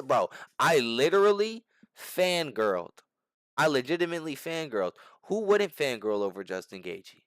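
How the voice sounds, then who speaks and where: A man's voice: mid-range voice, very animated, moderate pace, a bit bright, no echo. A young man telling a story to the camera in a casual, slangy and profane way, restarting his sentences often. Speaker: channel host.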